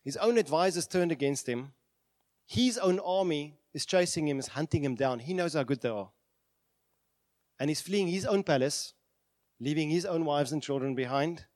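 A man's voice: a little high, expressive, normal speed, a little mellow, no echo. A man preaching a sermon with passion, voicing prayers aloud. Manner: impassioned, acts out prayers aloud. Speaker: pastor.

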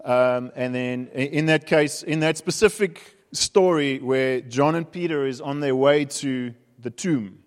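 A man's voice: medium pitch, measured pace. A man with a South African accent preaching a sermon, telling stories in a conversational, humorous way. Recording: reverberant hall.

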